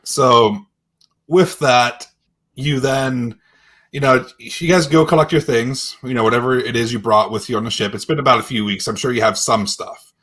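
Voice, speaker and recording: A man narrating as game master of a tabletop game, halting and searching for words. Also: medium pitch, fairly bright tone. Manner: halting, full of fillers and restarts.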